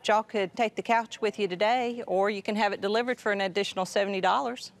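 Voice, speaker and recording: A furniture store saleswoman, perky and quick. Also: mid-range voice, steady tone.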